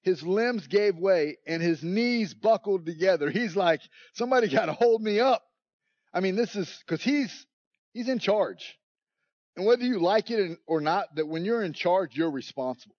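A man's voice: high voice, lively intonation, normal speed, darkish tone, no room sound, dull audio. A man preaching a sermon, telling the story dramatically and acting out the scenes. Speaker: pastor.

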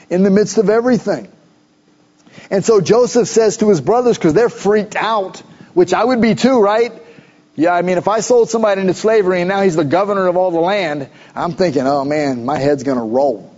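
High, mellow-voiced preaching man. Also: highs cut off. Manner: conversational, animated preaching with asides. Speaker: pastor. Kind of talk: sermon.

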